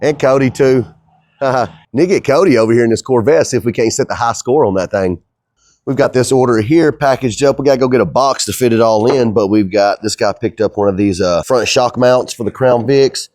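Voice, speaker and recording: A middle-aged man who owns a fabrication shop chats casually while he works, his talk easygoing, rambling and folksy. His mid-range voice moves briskly with a darkish tone, and there's no room sound.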